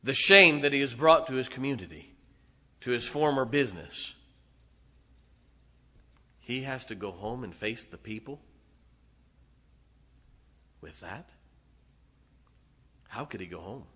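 A male preacher delivering a sermon, retelling a story dramatically with sudden loud swells and hushed drops. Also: medium pitch, animated, a little slow, long pauses, husky.

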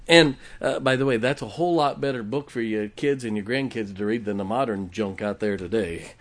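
A man's voice: lowish voice, brisk. A man preaching a sermon in a church, folksy and joking as he tells a story to the congregation. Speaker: pastor. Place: church sanctuary.

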